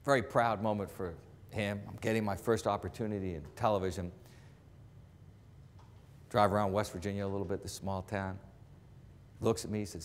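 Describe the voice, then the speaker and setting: A man's voice: normal speed, pauses often. A man in his forties from the Boston area, telling a motivational career story on stage and acting out the lines of the people in it. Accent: trained-out Boston accent. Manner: animated, acts out quotes, drops low for asides. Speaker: sportscaster speaker. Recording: long reverb of a large hall.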